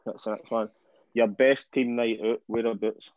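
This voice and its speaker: Host guy, easygoing quick questions, a bit muffled lo-fi audio. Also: mid-range voice, level tone, darkish tone, dry recording. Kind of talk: casual interview chat. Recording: dull lo-fi sound.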